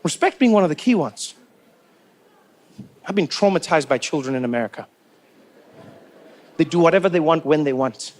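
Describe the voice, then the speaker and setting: A man with a South African accent performing stand-up comedy, animated and acting out characters. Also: a little high, moderate pace, long pauses. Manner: animated, acts out voices.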